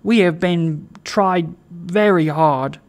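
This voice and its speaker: A man's voice: high voice, slow. A man voicing a meek, anxious poor old man in a storybook reading, talking hesitantly and apologetically. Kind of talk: audiobook reading.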